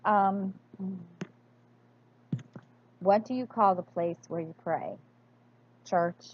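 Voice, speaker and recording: Slow, hesitant woman vlogger. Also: medium pitch, dull audio. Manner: hesitant, many fillers and restarts. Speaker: crafting vlogger. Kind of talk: casual accent-tag chat.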